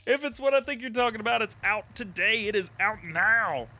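A man's voice: high voice, lively intonation, fairly quick, sharp tone, slight background noise. A man hosting a live gameplay stream, giggling constantly and reading chat messages aloud in a giddy, casual way. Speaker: livestream gaming host.

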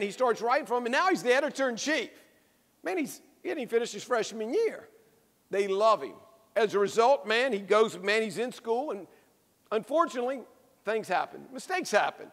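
A man preaching a sermon with a high, carrying voice. He tells his story with lively emphasis and repeats his key phrases. The sound rings out through a large, echoey church. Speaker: pastor.

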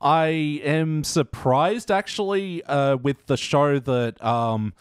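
A man's voice: fairly high pitch, slow, clear, resonant tone, dry recording, clean studio sound. A man co-hosting a podcast in casual chat, laid-back and often swearing and laughing. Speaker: podcast co-host.

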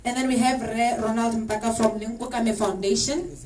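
A woman's voice: fairly high pitch, fairly even intonation, moderate pace. A woman moderating a panel discussion, hesitant with many fillers. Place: exhibition hall. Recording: distant mic, clear background noise.

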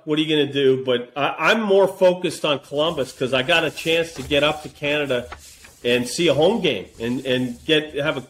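A man on a casual podcast who tells stories with lots of energy. His voice sits a little above average in pitch, and he brings his anecdotes to life. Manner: animated, acts out voices in anecdotes. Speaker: podcast co-host. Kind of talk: casual storytelling chat.

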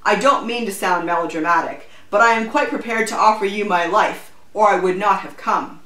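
A woman's voice: medium pitch, moderate pace, echoey room, natural voice, poor audio. A woman voicing an earnest older lady volunteer. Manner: earnest, gently insistent. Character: elderly widow eager to be a spy.

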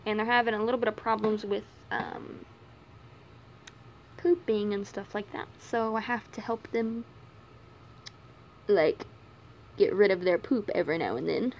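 With the camera propped on her knees by a bunny cage at home, a young woman vlogs in an unhurried way with long pauses. The lo-fi sound carries slight background noise as she chats to viewers and coos and scolds her bunnies in a high sing-song.

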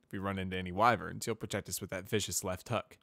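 A man's voice: low-pitched, steady tone, quick pace, vocal fry, a bit bright, dry recording, studio quality. A man voicing a cheerful, eager young male pegasus navigator in a fan storybook reading. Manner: upbeat, eager, talkative.

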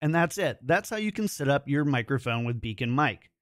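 A man walks through a product tutorial in a clear, instructive way at a mid-range pitch. He speaks close into a studio microphone in a dry, deadened room. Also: expressive, fairly quick, dry recording. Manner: clear, instructive, demonstrates sounds into the mic.

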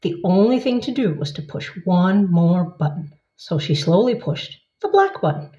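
A woman reading a children's picture book aloud with expressive storytelling. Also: fairly low pitch, moderate pace. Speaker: storybook reader. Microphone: camera at a short distance. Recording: echoey, slightly dull room sound.

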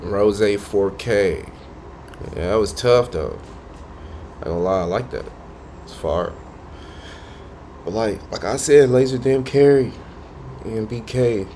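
A man with a fairly low voice reacts to a rap track in casual, excitable slang, breaking in to comment. Steady background noise runs under him, with vehicles passing now and then. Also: takes it slowly, long pauses. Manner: excitable, slangy, cuts in over the music. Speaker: music reaction host.

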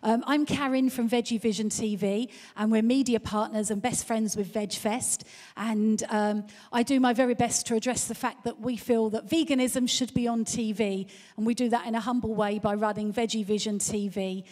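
A chatty, effusive woman with an Essex accent introduces a speaker from the stage. Her voice sits fairly high, with a long hall reverb around it. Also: steady tone, normal speed, a little mellow. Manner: chatty and effusive, with many fillers. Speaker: event presenter introducing a speaker. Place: large conference hall.

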